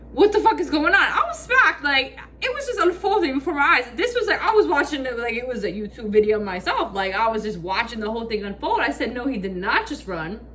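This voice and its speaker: A vlogger tells a storytime in casual slang, swearing, leaning on lots of "like," and animatedly acting out quotes. Her voice is high-pitched, with a little hiss or hum in the recording.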